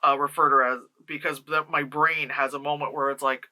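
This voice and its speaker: A movie reviewer from the New York tri-state area talking through a film in a rambling, profane, casual way, slipping into quick mock voices of the characters. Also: mid-range voice, level tone, pushed and bright.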